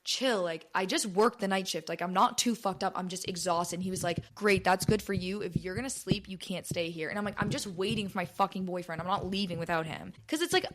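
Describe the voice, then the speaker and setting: A woman's voice: fairly low pitch, brisk, hardly any pauses, slight background noise. A woman in her twenties hosting her own podcast, telling a rambling, swear-filled story in casual chat with lots of "like". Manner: chatty, rambling, swears often, heavy use of "like". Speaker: podcast host.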